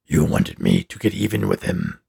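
A man voicing a slow, simple-minded living snowman with a deep, gravelly voice and halting speech. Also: very animated, a little mellow, full character voice.

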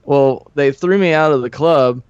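A Nashville man in his forties, once a punk musician, guests on a podcast, telling rambling, profane stories with frequent chuckles. His voice sits a little high and comes at a measured pace, slightly mellow, clear and resonant. The recording is dull, lo-fi and dry, with no room sound.

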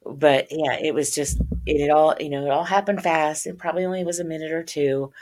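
A woman's voice: deep voice, fairly even intonation, fairly quick, darkish tone. A woman author telling a very personal story in a podcast interview, earnest and openly religious, tearing up at times. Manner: earnest, religious, tearful at times, acts out voices in her story. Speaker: author and guest.

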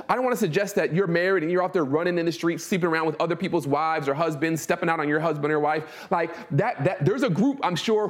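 A young man delivers a sermon in a light, high-pitched voice. He reads the scripture passage steadily, then breaks into casual, slangy commentary, slowing down to stress the key words. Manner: slows and stresses words for emphasis. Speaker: preacher.

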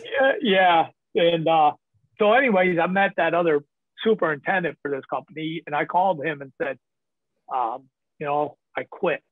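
A man's voice: a little high, moderate pace, dry recording. Guy from the northern us rambling thru his story, cusses and laughs a lot, sounds like a thin dry phone line. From northern United States. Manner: rambling, profane, chuckles often. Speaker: podcast guest. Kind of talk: casual storytelling.

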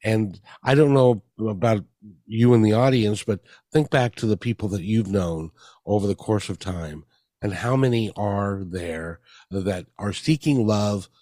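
A man's voice: lowish voice, a little slow, warm tone, dry recording, studio quality. A man hosting an interview in casual chat, earnest and often repeating words as he starts a thought. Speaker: host.

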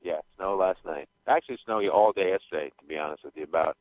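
A man's voice: low-pitched, fast talker, no echo. A man calling in as a podcast guest, chatting in a laid-back, wry way. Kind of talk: casual chat. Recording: tinny dry phone line.

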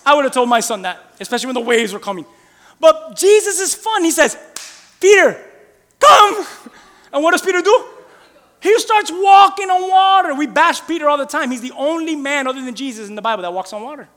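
High, bright-voiced animated male preacher. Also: fast talker. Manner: animated, casual, full of rhetorical questions. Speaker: pastor. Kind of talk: sermon. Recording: long reverb in a large hall.

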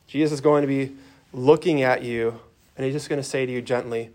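A man with a mid-pitched voice leads a group through a guided prayer meditation in an earnest sermon style. He talks plainly, with small restarts, and drops to a soft voice for quoted words. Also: fairly even intonation, brisk. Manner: earnest, softens for quoted lines, some restarts.

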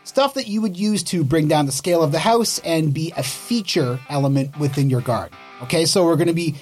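A man's voice: fairly high pitch, brisk, a little mellow, soft background music. Upbeat jokey man hosting a radio show. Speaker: radio garden show host. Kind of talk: casual radio chat. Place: radio studio.

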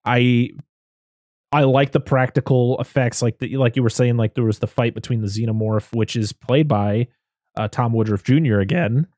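A man's voice: medium pitch, normal speed, a little mellow, no echo. Man, podcast host, loose rambling film chat, dry close sound. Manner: rambling, laughs often. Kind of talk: casual film review chat.

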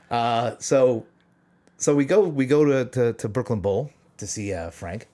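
A man's voice: mid-range voice, unhurried, warm tone. A man, telling a rambling story in casual chat on a podcast, often restarting and chuckling. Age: 40s. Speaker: podcast co-host.

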